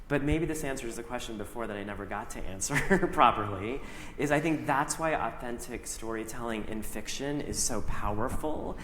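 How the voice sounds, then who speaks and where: A middle-aged man speaks onstage in a large hall, his voice carrying a long, roomy echo. He recounts his own story openly and acts out his past words, at an ordinary pitch. A faint hum sits behind him. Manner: animated, acts out his own past lines, laughs often. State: briefly emotional. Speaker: author and actor, keynote guest. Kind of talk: onstage conversation, personal storytelling.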